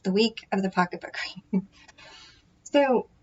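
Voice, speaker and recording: Speaking a little slowly in a medium-pitched, slightly mellow voice, a woman chats to camera about her tarot readings. She rambles, makes fun of herself and keeps using fillers and restarting. The lo-fi sound comes from a built-in microphone array.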